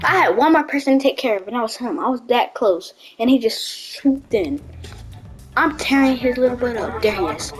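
Woman, high-pitched, lively swings, excitable trash talk, gameplay commentary, game music loud underneath. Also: normal speed, low-quality recording. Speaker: gaming video creator.

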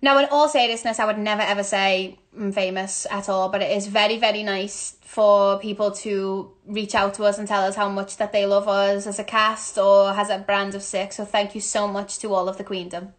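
A woman's voice: medium pitch, flat delivery, moderate pace, few pauses. A young woman with a Liverpool accent, a musical theatre actress chatting casually through a phone Q&A, bubbly and self-mocking, laughing often. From Liverpool, England. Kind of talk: casual Q&A chat. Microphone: phone camera.

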